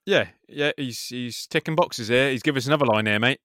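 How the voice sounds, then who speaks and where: Man, casual sweary skate video co-host, excitable, dry close sound. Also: medium pitch, brisk, no echo. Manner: excitable, swears freely, says "mate" often. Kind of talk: casual reaction commentary.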